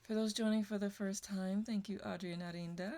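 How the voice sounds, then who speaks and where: A woman's voice: mid-range voice, fairly even intonation, fairly quick. A woman hosting a meditation livestream, chatting casually, greeting viewers by name and laughing often. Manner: warm, affectionate, laughs often, reads out chat names. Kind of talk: casual livestream chat reading viewer comments.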